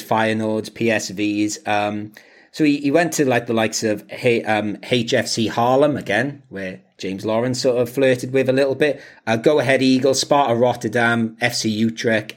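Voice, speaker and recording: A man's voice: medium pitch, steady tone, normal speed. A man co-hosting a casual podcast, rambling with many fillers and restarts and laughing often. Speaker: podcast co-host. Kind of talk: casual chat.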